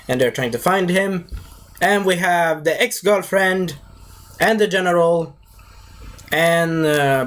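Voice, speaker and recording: A movie reviewer talking in a casual, rambling way, drifting off topic and breaking into silly voices. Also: mid-range voice.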